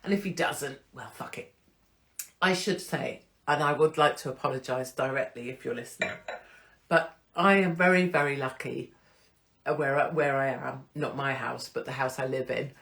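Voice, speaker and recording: A woman's voice: rumbling low, moderate pace, creaky, fairly bright tone. Blunt, chatty woman host. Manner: blunt, chatty, swears freely. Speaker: online show host. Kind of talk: casual unscripted monologue to followers.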